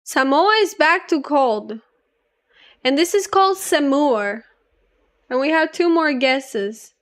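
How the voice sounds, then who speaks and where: High-voiced chatty woman streamer. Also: expressive, slow. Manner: chatty, giggly, reads aloud to chat. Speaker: livestreamer. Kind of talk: casual gaming stream chat.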